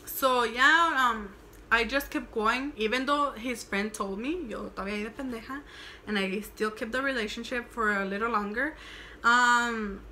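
A woman's voice: fairly high pitch, normal speed, sharp tone, slight background noise. Chatty young woman telling a story. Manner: chatty, swearing, switching into Spanish. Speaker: vlogger. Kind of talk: casual storytime.

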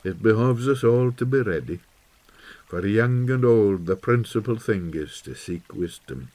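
Guy reading as a homely old shepherd, earnest, folksy dialect, slow and low. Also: expressive, darkish tone. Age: older. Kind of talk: audiobook character voice.

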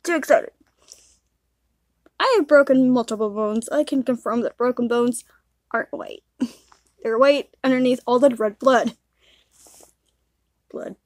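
A woman's voice: a little high, unhurried, long pauses, no echo. A young woman hosting a reaction video, chatting casually with a giggly manner.

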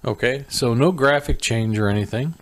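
A man's voice: medium pitch, moderate pace. A man hosting a casual product demo, thinking aloud in an easygoing way as he clicks through a robot's settings. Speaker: host demonstrating a home robot.

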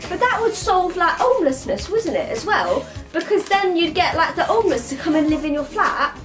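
A woman's voice: very high-pitched, big pitch swings, moderate pace, music in the background. A woman doing a rambling comic monologue full of slang, ending lines with 'mate' and 'yeah?'. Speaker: vlogger playing a comic persona.

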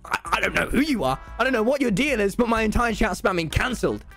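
A high-pitched British teenage boy with a very animated, swooping delivery, teasing his friend in casual game chat. Faint game music plays underneath. He leans into mock outrage and bursts out loud now and then. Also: quick pace, creaky. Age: teens. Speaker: streamer.

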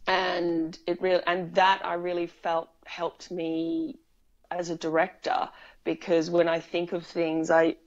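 A woman's voice: on the low side, monotone, measured pace, dull audio. A woman, a film writer and director, talking casually as an interview guest, chatty and laughing often with frequent restarts.

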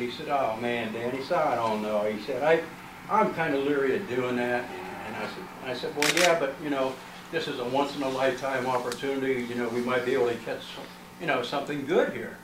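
Man recounting events to a crowd, filler-heavy storytelling, miked from a distance in an echoey room. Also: medium pitch. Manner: rambling, with frequent "uh" and "you know" fillers. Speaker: researcher presenting findings. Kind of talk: storytelling talk to an audience. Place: library meeting room. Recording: roomy, distant, with faint noise.

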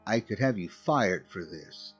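A man's voice: sits low, lively intonation, a little slow, fairly bright tone, breathy edge, lo-fi sound, faint music behind, pitched below the performer's own voice, full character voice. A man voicing an irritated male security guard coworker who scolds and brushes off a colleague. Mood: annoyed.

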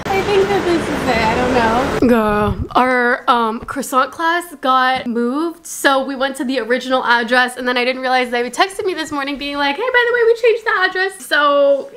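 A young woman in her twenties chatting in a casual travel vlog, gushing and excitable, swearing casually. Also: sits high, moderate pace. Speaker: vlogger. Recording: crowd chatter and noise behind.

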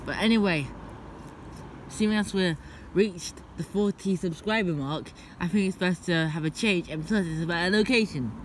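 A male channel host in playful, excitable vlog banter. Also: high voice, slight background noise.

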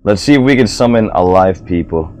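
A man's voice: deep voice, animated, fairly quick, a little mellow, a little hiss or hum. A young man hosting his own comedy vlog, rambling goofily and talking to himself. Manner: goofy, rambling self-talk. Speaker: host.

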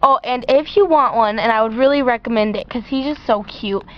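A woman's voice: on the high side, fairly quick. A teenage girl filming an unboxing vlog at home, gushing and squealing with delight, in a slightly muffled home recording. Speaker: vlogger. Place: outdoors at home, later indoors.

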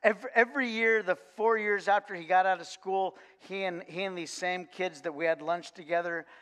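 A man, a coach, giving a sermon in a church and telling a lively, funny story with frequent restarts. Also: high-pitched, brisk, smooth. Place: church sanctuary. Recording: long church reverb.

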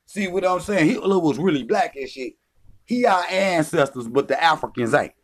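A man's voice: on the high side, animated, moderate pace. Heated, profane man ranting on camera. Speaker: vlogger. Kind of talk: confrontational rant.

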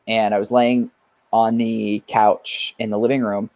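A man's voice: fairly low pitch, flat delivery, measured pace, a little mellow, no echo. A young man from California, a guest musician, telling a rambling story in a casual chat with fillers and swearing.

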